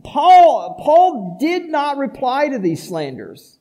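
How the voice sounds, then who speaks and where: A man with a high voice preaches a sermon as a pastor. He drives his points home with rhetorical questions, dropping into soft asides and then rising to loud, emphatic declarations. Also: expressive, measured pace, poor audio.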